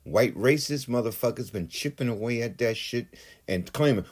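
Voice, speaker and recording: A man's voice: mid-range voice, animated, normal speed, husky. A man delivering a heated, profane political rant in his own vlog, swearing often and building into outbursts. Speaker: political commentator.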